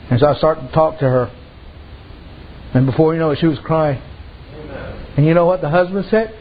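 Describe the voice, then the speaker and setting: High-voiced folksy preacher man. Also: a little fast, pauses often, highs cut off, a little hiss or hum. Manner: folksy, storytelling, colloquial. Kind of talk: sermon.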